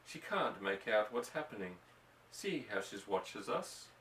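A man voicing an anxious ranch wife and mother, speaking softly and with worry. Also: lowish voice, big pitch swings, measured pace, a little hiss or hum. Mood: anxious, hushed. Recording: roomy, distant mic.

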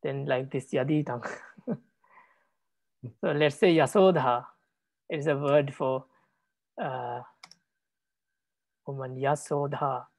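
A male monk leads a language lesson at an unhurried pace, repeating example words so students can hold on to them. His speech is halting and gentle, full of small pauses. The sound is dry and close, with no room echo. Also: mid-range voice, fairly even intonation, gravelly. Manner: patient, repeats words, many hesitations. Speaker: Buddhist monk teaching Pali. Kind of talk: classroom teaching.

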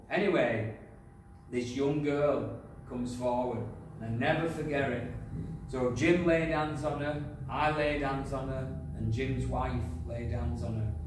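A man preaching a sermon, telling a personal testimony, going from loud praise to quiet asides. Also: mid-range voice. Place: church hall. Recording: echoey hall, from far off, faint noise.

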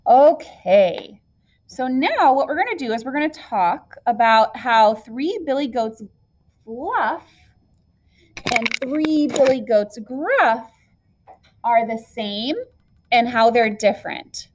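A woman's voice: on the high side, lively intonation, takes it slowly, darkish tone, rough recording. A woman teacher reading a storybook aloud to her class and talking it through with them.

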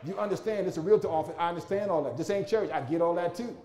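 A man's voice: high-pitched, fast talker, background noise. A male pastor a sermon in a rhythmic, repetitive style with humorous asides.

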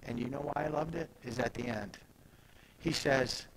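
A man preaching a sermon as pastor, animated and conversational, swinging from soft asides to loud emphatic peaks. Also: mid-range voice, moderate pace, gravelly, a little hiss or hum, rough recording. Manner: conversational, retells scripture in everyday speech.

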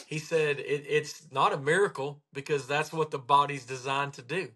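A man hosting a casual chat, telling patient stories with animated retellings. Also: fairly high pitch, moderate pace. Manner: animated storyteller, acts out patients' words. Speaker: podcast host, chiropractor.

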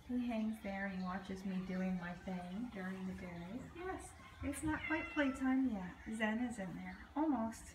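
A woman who runs a cat boarding business, giving owners casual updates and baby-talking to the cats in a cooing sing-song with soft whispers, filmed on a phone. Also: medium pitch, unhurried, hardly any pauses, recorded from a distance, noisy background. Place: indoor cat boarding room. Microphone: handheld phone camera. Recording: echoey room, phone mic held off.

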